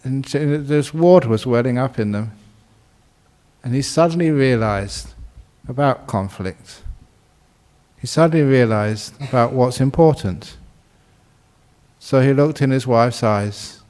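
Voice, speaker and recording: A man's voice: mid-range voice, measured pace, long pauses, a little mellow. A middle-aged man, a monk, giving a playful storytelling talk, acting out the parts and laughing at himself. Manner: playful, acts out voices and quacks, laughs at himself.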